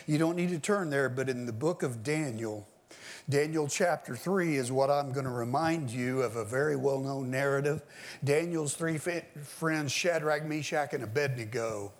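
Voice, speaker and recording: A man's voice: medium pitch, moderate pace. A man preaching an expository sermon, explaining a text in an emphatic teaching manner and sometimes raising his voice for stress.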